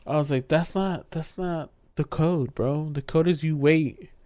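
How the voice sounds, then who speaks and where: Telling a drunk story on a podcast he co-hosts, this young man swears a lot, acts out the quotes, and breaks into laughter. His voice sits on the high side with a dark tone and a slightly slow pace. The studio sound is clean, with no room sound.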